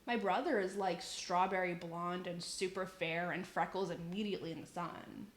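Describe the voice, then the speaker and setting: A woman's voice: on the low side, fairly even intonation, moderate pace, reverberant, a little hiss or hum. Chatty giggly woman streaming. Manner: chatty and giggly, says "like" a lot. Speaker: livestream host. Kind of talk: casual chat while cooking, reading chat aloud. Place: home kitchen.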